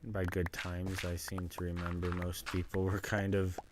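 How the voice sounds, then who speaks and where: A man livestreams himself playing a game, casually rambling about his moves and talking to the pets in it. His deep voice is completely flat at a normal speed, with background noise in the recording.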